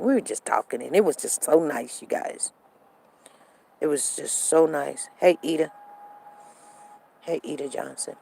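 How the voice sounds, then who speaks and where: A woman in her fifties hosting a live show, animated and acting out the other people's lines as she tells a story to her viewers. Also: deep voice, a little slow, creaky, long pauses, a little hiss or hum, rough recording.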